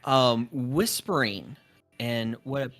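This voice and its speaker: A man running a tabletop game as dungeon master, narrating in a relaxed, hesitant way with restarts. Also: medium pitch, drawn-out words.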